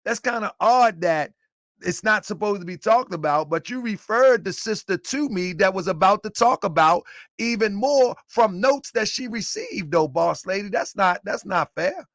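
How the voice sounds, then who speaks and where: A man hosting a live stream, repeatedly cutting in to calm his guests. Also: high-pitched, moderate pace, dry recording, clean studio sound. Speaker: host.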